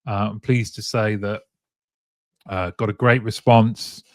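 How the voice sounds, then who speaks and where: A man's voice: fairly low pitch, steady tone, takes it slowly, no echo, studio quality. A man hosting a casual live-streamed talk show, chatting, reading out viewer comments and often chuckling. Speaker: show host.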